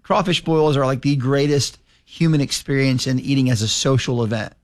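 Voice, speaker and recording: A man's voice: medium pitch, moderate pace. A man in his forties, a legislator telling folksy, rambling stories as a guest in a casual radio interview. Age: 40s.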